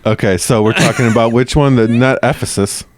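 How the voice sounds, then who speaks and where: A man's voice: mid-range voice, a little fast, dry recording, clean studio sound. A man co-hosting a history podcast, chatting in a playful, mock-serious comic way. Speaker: podcast co-host. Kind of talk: casual comedic chat.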